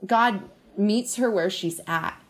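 A young woman hosting a faith podcast, talking in a lively, casual way with frequent laughs. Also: medium pitch, takes it slowly. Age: young adult. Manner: animated, laughs often, says "like" a lot. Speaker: podcast host.

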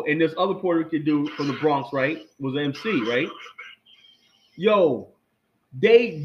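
A middle-aged man swaps stories in a loose, rambling way, full of restarts and fillers. His voice sits a little high, and the recording sounds muffled and lo-fi. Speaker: guest. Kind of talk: casual storytelling chat.

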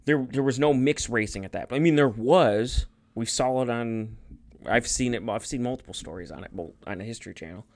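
A man's voice: mid-range voice, fairly quick, creaky, a little mellow. A young man co-hosting a casual podcast. He rambles and swears, often stopping partway through a sentence to start it again. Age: young adult. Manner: rambling, profane, restarts mid-sentence. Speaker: podcast co-host. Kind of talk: casual chat.

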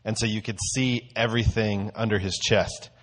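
Man, lower pitch, easygoing conversational sermon delivery, storyteller. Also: flat delivery, normal speed, fairly bright tone. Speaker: church teacher. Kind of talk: casual sermon.

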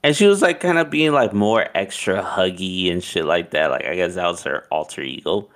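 A man casually telling a long personal story, animated and profane, acting out what people said. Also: sits low, normal speed. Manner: animated, profane, acts out quotes with laughs.

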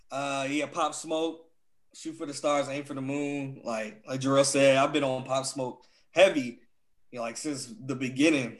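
A young man chatting casually as a podcast co-host, laid-back and slangy. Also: on the high side. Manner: laid-back slangy talk, says "dog" a lot. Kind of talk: casual chat.

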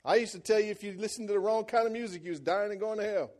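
A male pastor preaches a sermon at a racing pace, telling stories in a colloquial, joking manner. His delivery swings between loud, excited peaks and hushed, low stretches.

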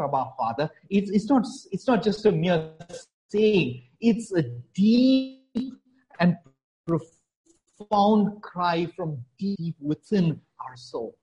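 A man preaching a sermon in an earnest, emphatic way, repeating key phrases and moving between soft, low passages and stronger lines. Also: low-quality recording.

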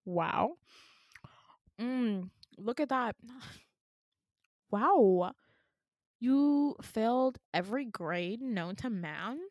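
A woman's voice: a little high, expressive, very slow, long pauses, no echo, clean studio sound. A young woman voicing a bored, snippy teenage receptionist girl who talks down in a curt, flippant way. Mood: mocking.

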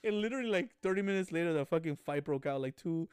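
A fast-talking man tells a story on a podcast, with lots of swearing and a bit of showmanship. His voice is smooth and clear, and the recording is dry and close. He co-hosts the show in casual chat. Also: fairly high pitch, no echo. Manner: animated storyteller, heavy swearing. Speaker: podcast co-host.

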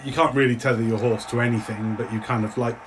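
A man running a tabletop game as game master, narrating in a relaxed, meandering way with frequent restarts. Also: mid-range voice, quick pace, background noise.

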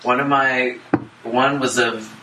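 A man's voice: medium pitch, steady tone, takes it slowly. A man reading out a listener's letter and joking on a casual comedy podcast. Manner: laid-back, reads listener letters, joking. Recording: roomy, distant mic with noise.

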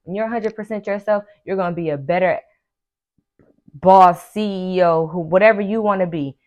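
A woman with a lowish voice talks straight to her listeners like a life coach on her own show. She preaches with emphasis and circles back to the same phrases again and again. Now and then she slips into quick impressions of her friends. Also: highs cut off. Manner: acts out friends' lines in quick asides. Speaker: podcast host and life coach. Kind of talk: casual motivational monologue.

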